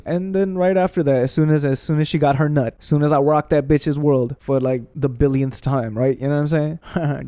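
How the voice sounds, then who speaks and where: A man hosting a gaming channel, telling a personal story in a heated, profane, animated way. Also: medium pitch, no room sound. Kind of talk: candid storytelling rant.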